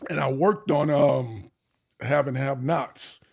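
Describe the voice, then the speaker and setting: This middle-aged man is an actor guest whose medium-pitched voice sounds creaky and husky as he takes his time. Telling casual stories, he stays animated and performs the voices of the characters he describes.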